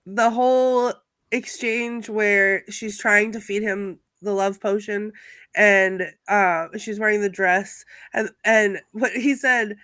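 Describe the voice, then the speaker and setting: A woman with a bright, forceful voice tells stories eagerly on a panel. The sound is dry and close, with no room echo. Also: mid-range voice, fairly even intonation, slow, clear, resonant tone. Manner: laughing enthusiastic storytelling. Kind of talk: casual panel chat.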